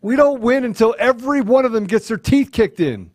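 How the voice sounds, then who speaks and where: A man's voice: very high voice, lively intonation, a little fast, no echo, studio quality. A man co-hosting a talk show, speaking with fervent, repetitive emphasis that builds to anger. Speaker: co-host.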